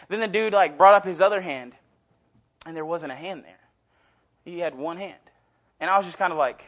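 A man's voice: high-pitched, brisk, fairly bright tone. A young man giving an informal sermon as a guest preacher, casual and self-deprecating, rambling and often restarting his sentences. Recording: dull lo-fi recording.

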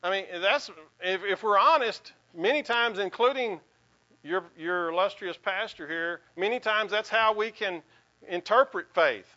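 A man's voice: high-pitched, unhurried, bright, forceful tone, lo-fi sound. A male pastor giving a sermon in an earnest, conversational way, with a folksy sense of humor.

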